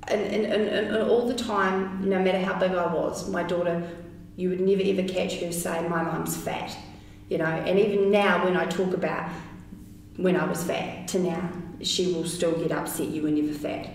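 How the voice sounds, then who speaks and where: A woman, telling her story as an interview guest in a chatty, animated way full of fillers. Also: on the low side, moderate pace. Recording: very echoey room, distant mic, faint noise.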